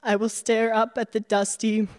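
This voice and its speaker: A woman with an American Midwestern accent reading her personal essay aloud in a measured, reflective way. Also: a little high, flat delivery, a little mellow, big-room sound. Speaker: memoir narrator.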